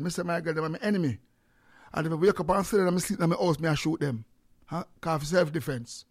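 A Jamaican man hosting a morning call-in show, chatting casually and getting loud and excited as he goes. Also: on the high side, quick pace. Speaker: radio show host.

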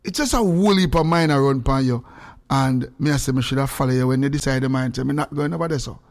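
A man hosting a radio show, telling stories in casual patois with sudden high-pitched outbursts. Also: fast talker. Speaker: radio host.

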